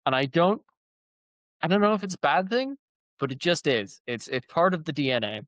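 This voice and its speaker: A man's voice: on the high side, very animated, normal speed, a bit bright, dry recording. A man hosting a casual conversation as an author, thinking aloud in a rambling way full of fillers. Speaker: author and show host. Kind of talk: casual long-form conversation.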